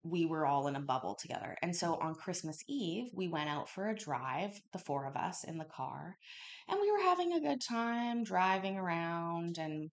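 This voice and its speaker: Female stream host, lowish voice, animated casual storyteller, swears a lot. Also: moderate pace. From Canada. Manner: animated, swears freely, acts out quotes loudly. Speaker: livestream host. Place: home kitchen. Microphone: home livestream mic.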